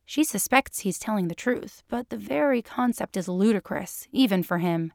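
A woman's voice: medium pitch, lively intonation, normal speed, creaky, hardly any pauses, a little mellow, no room sound, clean studio sound. A woman reading fan fiction aloud in a playful, amused narrating manner. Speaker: reader.

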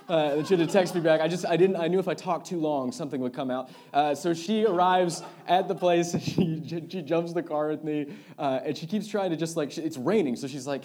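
A young man, a youth pastor, preaching a sermon built around a personal story, swinging from loud excited retelling to quiet earnest reflection. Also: a little high, brisk.

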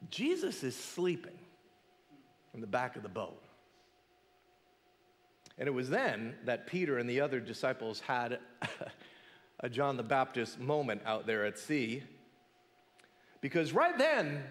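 A pastor with a slightly high voice delivers an animated sermon in a big-sounding room. He poses rhetorical questions and sinks to a near whisper when he wants emphasis.

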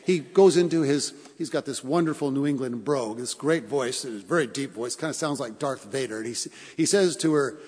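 A man's voice: mid-range voice, brisk, few pauses, darkish tone, slightly rough, long reverb tail. A male pastor preaching a sermon in an earnest way, repeating phrases for emphasis and asking his congregation questions.

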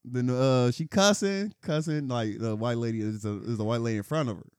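A man's voice: mid-range voice, a little fast, clear, resonant tone, no echo, studio quality. A man co-hosting a podcast, telling a story with lots of laughing and acted-out quotes. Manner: animated storyteller, acts out quotes with big laughs. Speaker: podcast co-host. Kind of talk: casual storytelling chat. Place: podcast studio.

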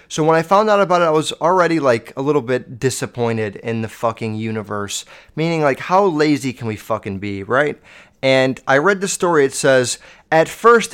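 A man's voice: fairly high pitch, fairly bright tone. A man hosting a solo podcast, telling a story in a casual, profane way and acting out other voices along the way. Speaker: podcast host.

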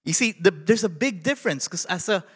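A man from the Philippines with a Filipino English accent, preaching a sermon as a pastor in an animated way and putting questions to his listeners. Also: high-pitched, a little fast, breathy edge, big-room sound.

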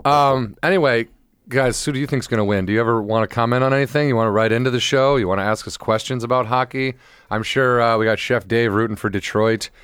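A man co-hosting a casual podcast, rambling excitedly about sports and now and then bursting into loud impressions. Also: mid-range voice, fast, clean tone, no echo, clean studio sound. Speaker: podcast co-host. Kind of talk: casual chat.

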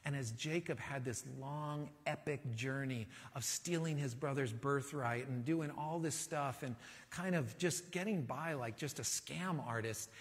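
A man preaching a sermon as pastor, talking in a conversational, animated way and asking the congregation rhetorical questions. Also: mid-range voice, a little slow, husky, in a large hall.

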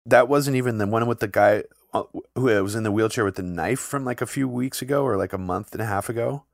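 A man co-hosting a podcast, talking in long casual runs full of "like" fillers and getting animated when something shocks him. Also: lowish voice, brisk, gravelly, no echo, clean studio sound. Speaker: podcast co-host. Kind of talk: casual conversational podcast chat.

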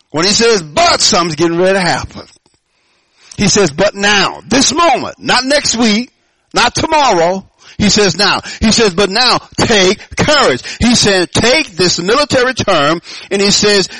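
A man preaching a sermon to his congregation, emphatic, dropping to low murmurs and rising to shouted declarations, asking the room call-and-response questions. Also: husky, dry recording, low-quality recording. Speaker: pastor.

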